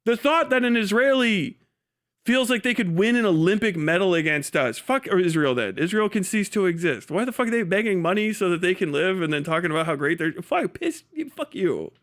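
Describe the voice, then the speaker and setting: A high-pitched man holds forth on a livestream in a heated, profane rant. He talks in a mocking, scornful way and keeps laughing at his own lines. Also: lively intonation, brisk, a bit bright. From United States. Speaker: livestream host.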